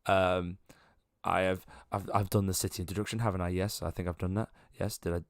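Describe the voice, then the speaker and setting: A man playing Olame, a gushing excitable youth. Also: deep voice, brisk, no echo, clean studio sound. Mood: flustered. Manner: breathless, gushing, stammering. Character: excitable young human man, easily overwhelmed. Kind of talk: voicing a character in a tabletop game.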